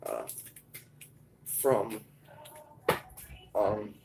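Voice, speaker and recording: A young man hosting live commentary on a sports draft, talking in a halting way with many fillers and restarts. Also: on the low side, steady tone, music in the background, poor audio. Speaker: host.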